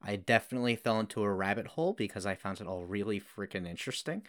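A man's voice: lowish voice, lively intonation, quick pace, fairly bright tone. A man co-hosting a casual film podcast, explaining folklore at length in a hedging, self-deprecating way. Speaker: podcast co-host.

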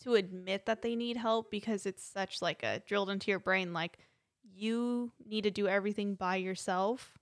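A woman's voice: mid-range voice, steady tone, moderate pace, no echo, studio quality. A woman co-hosting a podcast, speaking in a reassuring, encouraging way. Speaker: podcast co-host. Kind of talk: casual chat.

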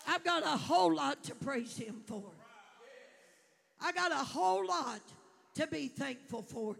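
Woman preaching, gravelly voice, bright and forceful, fervent, shouting sermon. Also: high voice, lively intonation, a little slow, some chatter behind.

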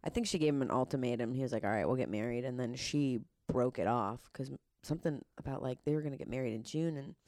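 A woman's voice: extremely low pitch, quick pace, few pauses, dark tone, no room sound. A young woman in her twenties, a podcast guest telling candid stories in a loose, casual way, with lots of "like" and dry humor. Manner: candid storytelling with heavy filler "like", dry humor.

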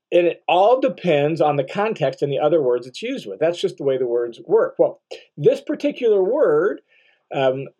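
Man teaching Bible verses, slightly high voice. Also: darkish tone. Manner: explanatory, repeats key phrases, asks "right?".

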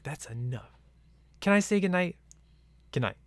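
A man's voice: a little high, animated, a little slow, no room sound. A man in casual, rambling chat as he watches a film at home, laughing often. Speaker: movie commentary viewer.

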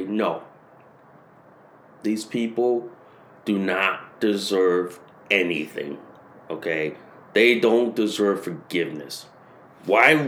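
A man hosting a podcast, ranting and hammering the same phrases over and over, rising to shouted peaks. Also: lowish voice. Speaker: podcast host. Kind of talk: political rant.

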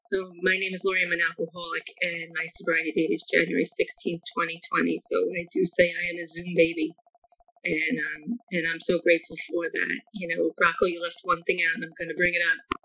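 Woman, middle-aged, bright forceful voice, flat pitch, earnest recovery share, muffled lo-fi call audio. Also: fairly quick, no echo. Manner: earnest, grateful, rambling with many fillers. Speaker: AA meeting speaker. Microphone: video call.

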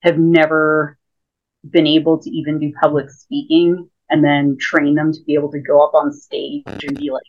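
A woman with a low voice talks as an interview guest, explaining casually and peppering her speech with fillers. Her audio comes through a thin, phone-like remote call line. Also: level tone, normal speed, a little hiss or hum. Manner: chatty, explains with many fillers. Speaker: guest, lightsaber school founder.

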